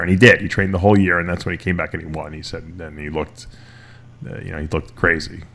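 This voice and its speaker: Lower-pitched man rambling through a story. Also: steady tone, quick pace, sharp tone. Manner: rambling, retells stories with quoted voices, many restarts. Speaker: podcast host. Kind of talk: casual storytelling chat.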